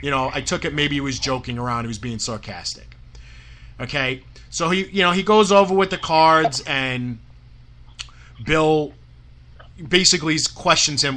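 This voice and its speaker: A fired-up man with a high, bright voice vents about a grudge as a guest on a radio show. His speech is full of cursing and filler, he stumbles over words in his hurry, and he keeps pressing his point. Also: normal speed. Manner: angry, profane rant with many "you know" fillers and stammered restarts. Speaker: wrestling promoter.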